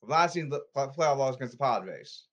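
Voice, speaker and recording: A man's voice: medium pitch, animated, normal speed, dull audio. A man delivering an angry, repetitive rant, scolding and demanding, often stumbling over his words.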